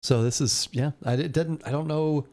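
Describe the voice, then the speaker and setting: A man's voice: on the high side, steady tone, moderate pace, darkish tone. A man co-hosting a live podcast, chatting easily about beers and laughing often. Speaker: podcast co-host. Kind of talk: casual chat, beer tasting.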